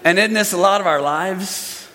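A man preaching a sermon as pastor, animated, acting out grumbling voices for laughs. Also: high voice, normal speed. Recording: long hall reverb.

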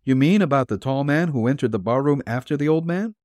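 A man's voice: mid-range voice, lively intonation, quick pace, a little mellow, no echo, voice pushed up, natural voice. A man voicing a male detective disguised as a slangy street tough, pressing with questions. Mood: prodding.

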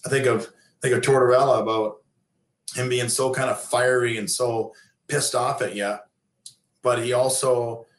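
In an echoey room, an interview guest in his fifties who went from pro hockey to coaching tells long, casual stories at a moderate pace. His mid-range voice stays steady even as he piles on fillers and restarts.

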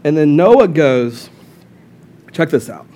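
A young adult man giving a casual, humorous sermon as lead pastor, retelling the story with lively asides. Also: slow pace. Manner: animated storyteller who jumps into high-pitched voices for characters.

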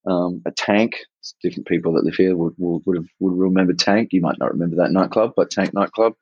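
Laid-back Australian man, low and dull. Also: steady tone, brisk, breathy edge, no room sound. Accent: Australian with a slight English twang. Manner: laid-back, rambling, many ums. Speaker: guest, club promoter and DJ. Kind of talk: casual interview.

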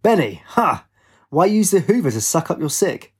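A man's voice: medium pitch, lively intonation, a little fast, a little mellow, breathy edge. A man voicing a boisterous, teasing middle-aged Italian father with an Italian accent. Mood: jovial. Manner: bellowing, teasing.

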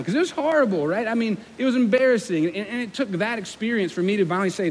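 A young man preaching a sermon as pastor, in a conversational, self-deprecating way, with lively acted-out quotes. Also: high-pitched, fast talker, few pauses. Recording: long hall reverb with faint room noise.

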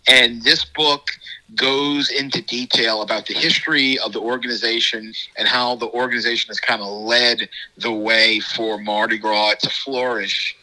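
A podcast co-host in easy conversation, with a very bright, forceful tone at an ordinary pitch. He agrees readily and keeps the talk relaxed. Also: low-quality recording. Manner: easygoing, quick to agree. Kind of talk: casual chat.

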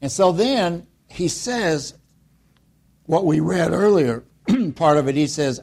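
A man preaching a sermon in a lively, conversational way, full of rhetorical questions and quiet, pointed emphasis. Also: fairly high pitch, slow pace, gravelly. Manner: conversational, acts out voices of listeners and Jesus. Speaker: pastor.

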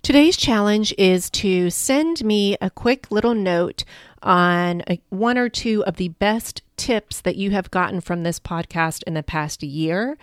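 A woman's voice: lowish voice, clean tone, no room sound, studio quality. Chatty upbeat woman podcast host. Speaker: podcast host and life coach. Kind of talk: casual solo podcast monologue.

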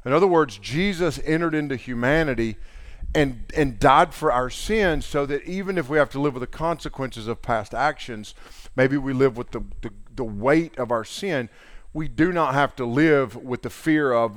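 A man's voice: medium pitch, moderate pace, no echo, clean studio sound. A middle-aged man preaching a sermon in a casual, earnest way, retelling scripture in everyday talk. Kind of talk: conversational sermon.

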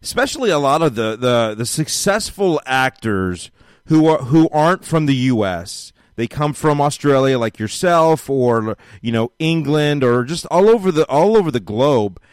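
A man's voice: mid-range voice, expressive, moderate pace, no echo, studio quality. A man hosting a casual interview, easygoing and repeating his friendly affirmations. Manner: easygoing, repeats phrases like "I hear ya". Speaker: interview host.

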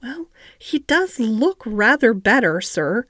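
A woman's voice: on the high side, big pitch swings, takes it slowly, fairly bright tone, no room sound, clean studio sound, exaggerated voice. A woman voicing a flustered, anxious middle-aged housekeeper who sounds breathless and alarmed.

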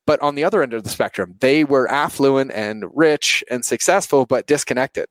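A man's voice: medium pitch, normal speed, dry recording. Earnest man, dry close sound. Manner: earnest, frequent fillers like "like" and "you know". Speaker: entrepreneur guest. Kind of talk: reflective personal interview talk.

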